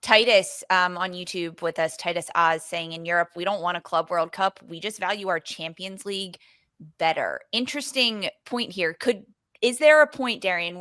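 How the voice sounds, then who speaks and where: A woman's voice: on the low side, a bit bright, dry recording. A woman hosting a casual sports panel chat, reading out viewer comments and steering the discussion. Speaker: podcast host.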